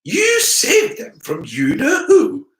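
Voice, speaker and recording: A man's voice: extremely high pitch, wildly swooping pitch, slow pace, fairly bright tone, reverberant, pitched above the performer's own voice, heavily acted, poor audio. A man voicing a strict older witch professor with a precise, clipped Scottish accent. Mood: stern.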